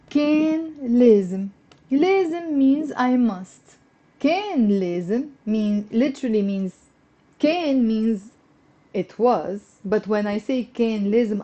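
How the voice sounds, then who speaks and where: A woman teaching a live online language lesson. She explains patiently, repeats phrases slowly and encourages her students as she goes. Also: on the high side, warm tone, lo-fi sound. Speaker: Lebanese Arabic teacher.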